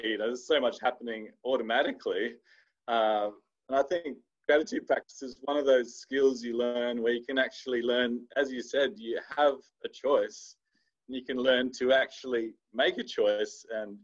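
Podcast host, man, mid-pitched, muffled lo-fi line, reflective. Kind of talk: casual podcast conversation.

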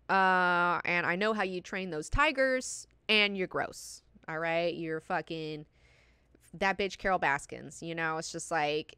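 A young woman hosting a book club, retelling the chapter in casual, profane, excited chat and putting on quick mock voices for the characters. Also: lowish voice, clear, resonant tone, no room sound, clean studio sound.

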